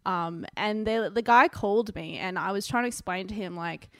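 A woman's voice: medium pitch, normal speed, no echo. An Australian woman comedian, a guest chatting casually and joking with frequent laughter. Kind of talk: casual chat.

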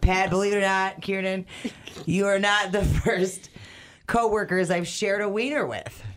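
A man, co-hosting a radio food segment with jokey, excitable banter. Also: high voice, measured pace, a little hiss or hum. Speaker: radio co-host. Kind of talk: casual banter.

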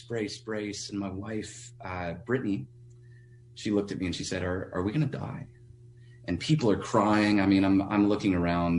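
Low-voiced earnest pastor, man. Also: a little hiss or hum. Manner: earnest, halting, with many restarts. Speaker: pastor, radio guest. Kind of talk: telling a personal story on a radio call-in.

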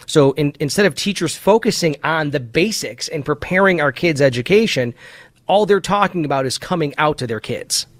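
A man's voice: on the high side, lively intonation, moderate pace. A man hosting a casual political talk show, speaking in an emphatic, opinionated way. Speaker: podcast host.

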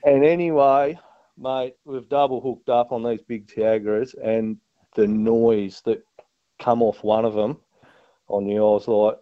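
A man's voice: mid-range voice, fairly even intonation, measured pace, no echo. A Tasmanian man with an Australian accent, telling a broad fishing yarn in casual chat. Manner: broad, yarn-spinning, says mate a lot. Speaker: guest angler. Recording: dull lo-fi dry sound.

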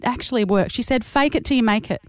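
A woman's voice: a little high, fast talker. A woman co-hosting a podcast, speaking candidly and conversationally as she recounts what others said. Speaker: podcast co-host. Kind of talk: casual chat.

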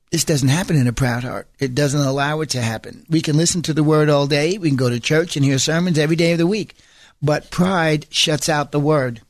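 A male preacher with a fairly high voice, driving his points home through insistent repetition. He slips into chatty asides and corrects himself mid-thought. The recording is dry and close, with no room sound. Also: no room sound. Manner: emphatic, repeats phrases for stress; conversational asides and self-corrections. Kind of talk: sermon.

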